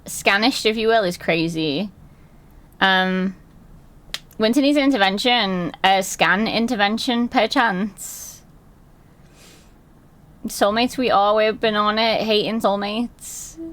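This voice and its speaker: A woman chatting casually on a live stream, telling stories in a lively way and swearing and laughing often. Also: mid-range voice, takes it slowly, pauses often.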